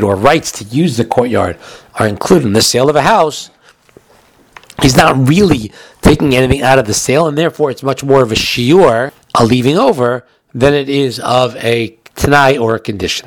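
A man's voice: mid-range voice, animated, moderate pace, dry recording. Chatty man teaching halacha. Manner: chatty, explains with everyday examples. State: has the hiccups. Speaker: Torah teacher. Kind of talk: recorded halacha lecture.

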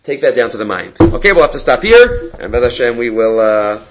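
A man teaching a daily Talmud class, reading lines aloud and explaining them with lively rhetorical questions and frequent restarts. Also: medium pitch, brisk, highs cut off, background noise.

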